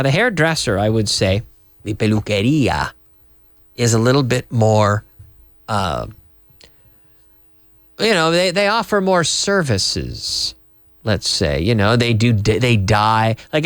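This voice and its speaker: Male English teacher from Canada, TV lesson, highly expressive pitch, dry booth. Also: dry recording. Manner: lively, spells words out, mixes in Spanish.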